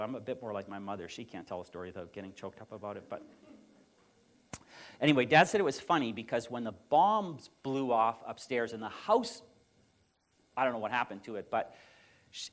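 A middle-aged man from Canada preaching a sermon in a conversational way, with fillers and restarts. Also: fairly high pitch. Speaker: pastor.

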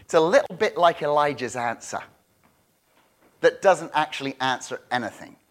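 A man preaching a sermon as pastor, joking and animated, often repeating words as he restarts his thoughts. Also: fairly high pitch, moderate pace.

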